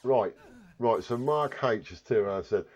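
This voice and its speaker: A man's voice: medium pitch, animated, normal speed, slightly rough. A man with a Warwickshire accent, chatting casually on a live stream while reading viewer comments, rambling and joking at himself. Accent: Warwickshire English. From Warwickshire, England. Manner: rambling, self-mocking, swears casually.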